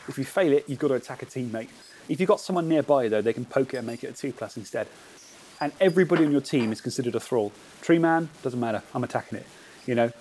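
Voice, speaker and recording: A man's voice: mid-range voice, slight background noise, low-quality recording. A man, a podcast host chatting casually and reading out a playful story with relish. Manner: playful, animated storyteller who laughs at his own jokes. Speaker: podcast host, tournament organiser. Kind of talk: casual podcast chat with a read-aloud story.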